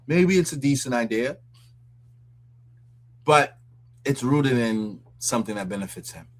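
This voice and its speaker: A man's voice: medium pitch, lively intonation, measured pace. A man hosts a casual commentary show, reacting to a clip with mocking disbelief. He talks loosely and conversationally and breaks into laughs often. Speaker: commentary host.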